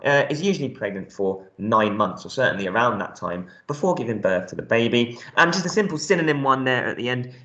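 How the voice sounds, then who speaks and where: A man's voice: mid-range voice, expressive, fairly quick, few pauses, sharp tone, reverberant. A male primary school teacher giving a recorded reading lesson, explaining words step by step in a friendly way with lots of ums.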